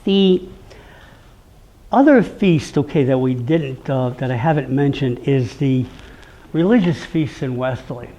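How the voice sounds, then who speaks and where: A man with a Rhode Island accent talks about local traditions to a live audience at a measured pace, his mid-range voice muffled in the recording. He's chatty and animated, performing the voices he quotes and frequently asking "okay?".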